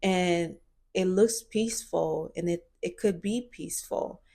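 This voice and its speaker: Woman, twenties, lowish voice, earnest reflective vlog talk with fillers. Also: a little slow, gravelly, dark tone. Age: 20s. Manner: earnest, searching, many fillers and restarts. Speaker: vlogger.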